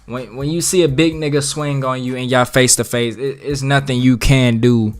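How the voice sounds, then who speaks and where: A man spinning a storytime tale with a middle-pitched voice and heavy slang. He lurches between loud outbursts and low mutters as he tells it, and a little music plays quietly underneath. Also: steady tone, moderate pace. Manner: profane, slangy, dramatic storyteller with big swings in loudness. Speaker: vlogger telling a story. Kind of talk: casual storytime.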